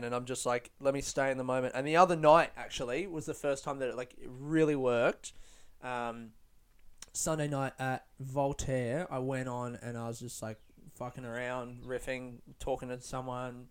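Smooth-voiced young man, rambling casually. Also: mid-range voice. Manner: rambling, lots of "like" and restarts, casual swearing. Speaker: stand-up comedian. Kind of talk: casual reflective vlog talk.

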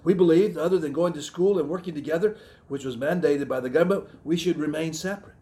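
Fast-talking and mellow, with a voice on the high side, a middle-aged man with a Southern American accent preaches a reflective, earnest sermon. He keeps restarting phrases and pausing to clear his throat.

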